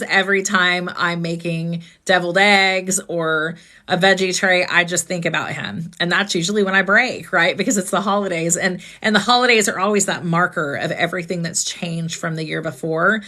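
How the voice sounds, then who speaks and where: A woman hosts a live stream in an earnest, conversational way. She speaks with a slightly low voice and asks reflective questions. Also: normal speed, pushed and bright. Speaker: host.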